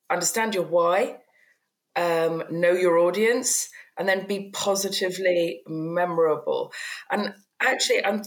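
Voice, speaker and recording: A woman's voice: lowish voice, low-quality recording. A woman hosting a podcast interview, thoughtfully summarising points and asking questions. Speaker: podcast host.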